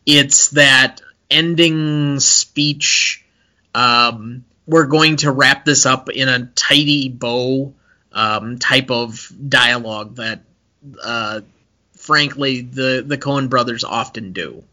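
A man's voice: medium pitch, slow pace, bright, forceful tone. A man co-hosting a casual film podcast, talking in an analytical way with many hesitations and fillers. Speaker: podcast co-host.

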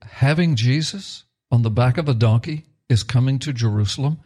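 A middle-aged male pastor teaching excitedly on a talk show, reading scripture aloud with rising emphasis. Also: medium pitch, normal speed.

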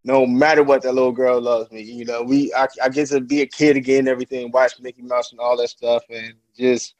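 A man's voice: mid-range voice, a little fast, no room sound, low-quality recording. A young man chatting as a podcast guest about fatherhood, loose and laid-back, laughing often and acting out what people said. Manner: animated storyteller who acts out quotes in a raised voice. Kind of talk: casual interview chat.

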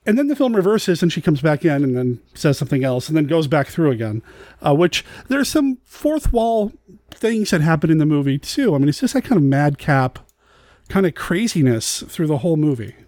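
A man co-hosting a podcast, speaking in a measured way about a film and addressing listeners directly. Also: on the high side, very animated, a little mellow, no room sound. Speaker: podcast co-host. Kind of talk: casual film discussion.

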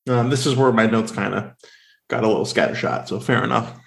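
A man co-hosting a casual podcast, rambling with lots of fillers and animated questions. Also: fairly low pitch, a little fast, vocal fry. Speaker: podcast co-host. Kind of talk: casual chat.

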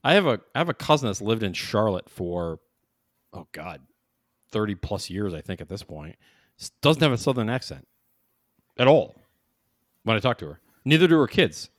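A laid-back podcast co-host, a man with a fairly low voice that rises and falls a lot as he talks. His remarks are wry and relaxed. The sound is close and dry. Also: normal speed, pauses often, dry recording. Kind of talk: casual chat.

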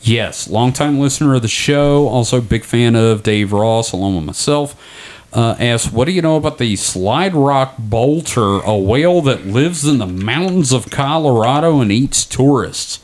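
A man's voice: mid-range voice, animated, normal speed, darkish tone. A young man co-hosting a casual podcast, loose and profane, joking with his co-host.

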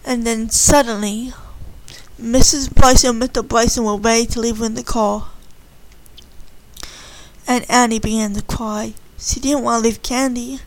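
A woman's voice: fairly high pitch, fairly even intonation, a little slow, pauses often, rough recording. A woman casually retelling a story in simple, earnest words.

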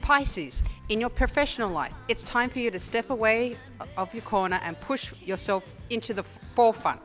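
Australian woman reading haltingly. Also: fairly high pitch, animated, fairly bright tone, soft background music. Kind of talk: casual group chat on a video call.

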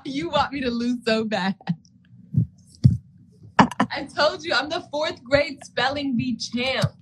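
A woman's voice: sits high, slow, long pauses. A woman running a spelling game in casual chat, laid-back and often laughing. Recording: noticeable background noise.

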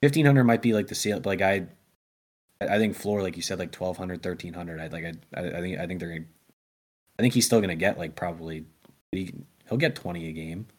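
A young man with a very low voice gives his takes in relaxed podcast banter. He stumbles and restarts often, piling up fillers as he thinks aloud. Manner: halting, many restarts and fillers. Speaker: podcast co-host. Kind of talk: casual sports chat.

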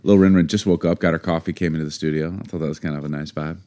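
A middle-aged man co-hosting a podcast, chatting and joking with his wife in animated banter. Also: rumbling low, rapid-fire. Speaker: podcast co-host. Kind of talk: casual chat.

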